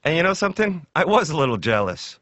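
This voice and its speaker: A man telling stand-up stories, jumping into shouted high voices for the people he describes. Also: big pitch swings, quick pace, no echo, dull audio. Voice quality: shouts bits in a high put-on voice. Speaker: stand-up comedian. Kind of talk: stand-up storytelling.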